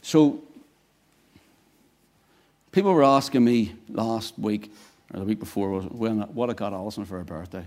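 Male preacher, mellow dark voice, quiet then suddenly loud and emphatic. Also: lowish voice, moderate pace, long pauses. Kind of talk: sermon.

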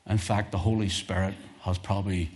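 Fervent male preacher, low-pitched. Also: flat delivery, a little fast. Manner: impassioned, swelling to loud fervent peaks then dropping to quiet asides; conversational, repeats phrases for emphasis. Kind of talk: sermon.

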